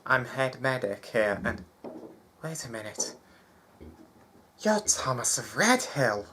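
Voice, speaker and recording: A man voicing a short, kindly woman head medic with a southern accent, talking in a warm, fussing way. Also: mid-range voice, big pitch swings, slow pace, a little hiss or hum, heavily acted. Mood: concerned.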